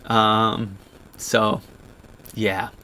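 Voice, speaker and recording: A man in his thirties talking to viewers on a livestream, choked up and halting, with many restarts. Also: fairly low pitch, little pitch movement, pushed and bright, a little hiss or hum. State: choked up, near tears. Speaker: vlogger on a livestream. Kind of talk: emotional livestream chat.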